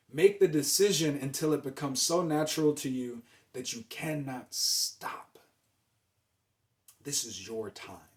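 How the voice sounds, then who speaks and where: Young man, slightly high voice, emphatic motivational host, repetitive hype-up delivery. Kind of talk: motivational monologue.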